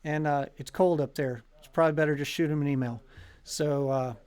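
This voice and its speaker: A man with a high, light voice hosts a casual live stream for a violin shop. He talks in a loose, joking way, with plenty of ums and likes. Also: steady tone, brisk, darkish tone, clear, resonant tone. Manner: chatty, joking, lots of fillers.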